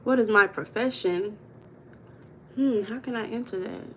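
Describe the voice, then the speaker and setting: A woman's voice: medium pitch, measured pace, a bit bright, a little hiss or hum. A woman from the United States hosting a casual livestream, greeting viewers by name and talking about money mindset in a chatty, playful way.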